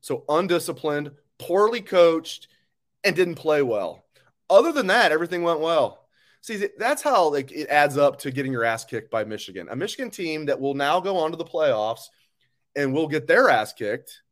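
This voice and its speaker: A man's voice: fairly high pitch, very animated, normal speed. Angry ranting sports host, a man. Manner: angry, ranting, blunt, swears. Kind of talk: live call-in sports talk.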